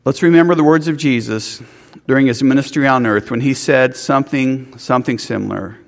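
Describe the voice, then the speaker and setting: A man's voice: medium pitch, brisk, gravelly, big-room sound. A man preaching a sermon, earnest, with restarts and rhetorical questions. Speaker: pastor.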